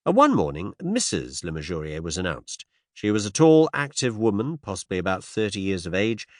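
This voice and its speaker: Expressive male audiobook narrator. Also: fairly low pitch, no room sound, clean studio sound. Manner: measured, expressive storytelling. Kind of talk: scripted narration.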